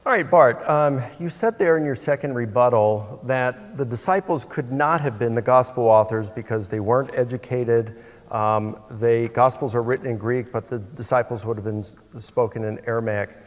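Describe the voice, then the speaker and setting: A man's voice: mid-range voice, normal speed. Hesitant male debater questioning. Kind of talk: cross-examination in debate. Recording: reverberant hall.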